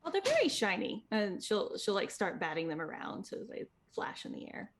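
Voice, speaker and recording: A woman's voice: mid-range voice, wildly swooping pitch, moderate pace, slight background noise. Rambling woman describing her character. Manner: rambling, hesitant with many fillers. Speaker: player. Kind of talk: describing her character's actions in a tabletop game.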